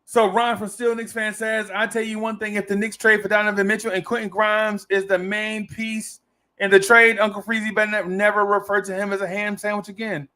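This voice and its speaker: Speaking a little fast in a high-pitched, sharp voice with a level tone, a man hosts a casual fan talk stream. He reads out viewer comments playfully, laughs easily, and repeats his own phrases a lot.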